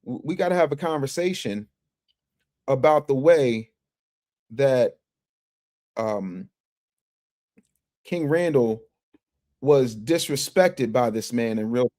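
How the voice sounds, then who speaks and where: A man hosting a casual livestream, reading viewer chats and commenting in an animated, emphatic way that repeats phrases and restarts often. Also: mid-range voice, takes it slowly, pauses often. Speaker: livestream news commentary host.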